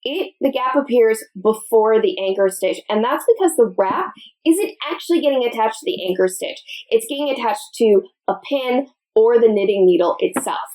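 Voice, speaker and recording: A woman's voice: medium pitch, a little mellow, low-quality recording. Chatty woman hosting a knitting tutorial. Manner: chatty and friendly, addresses viewers directly. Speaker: knitting video host.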